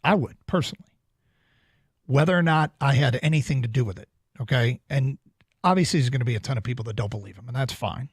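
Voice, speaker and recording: A male sports radio host speaking into a studio microphone, his voice slightly husky and recorded very dry. He talks in a deliberate, emphatic way, circling back and repeating phrases to drive home a point. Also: medium pitch, animated, no room sound. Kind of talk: sports talk radio banter and commentary.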